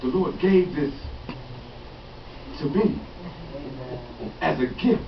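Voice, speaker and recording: A man's voice: on the high side, animated, slow pace, gravelly, noisy background. A man preaching a folksy call-and-response sermon, repeating phrases and acting out quotes. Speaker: pastor. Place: church sanctuary. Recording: echoey distant lo-fi church recording.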